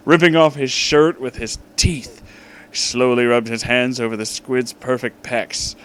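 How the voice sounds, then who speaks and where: A man reads a fanfic aloud for comedy, incredulous at what he's reading and breaking into laughter between lines. His voice is mid-range and a bit bright, and the recording is low quality.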